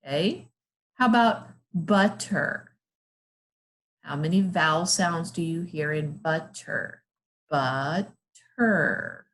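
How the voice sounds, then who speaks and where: A low-voiced woman guides young children through phonics, slowly sounding out letters and words. She praises them often along the way.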